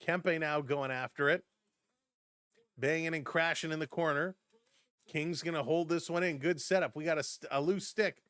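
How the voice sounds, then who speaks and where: Man, hockey stream host, casual play-by-play, chatty and laughing, slightly high voice, dry close sound. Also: steady tone, moderate pace, fairly bright tone, clear, resonant tone, dry recording. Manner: chatty, laughs often, jumps between plays and viewer chat. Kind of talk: casual play-by-play commentary with chat.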